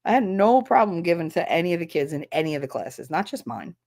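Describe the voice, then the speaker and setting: A woman's voice: lowish voice, very animated, quick pace, darkish tone. A woman who is a former schoolteacher, talking bluntly and with profanity in a casual livestream chat. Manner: blunt and profane, acts out quoted voices.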